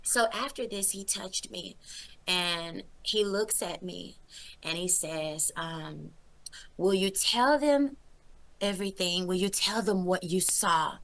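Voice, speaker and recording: A woman giving an emotional testimony as an interview guest, telling her story in an animated way and acting out the voices in it. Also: lowish voice, slow.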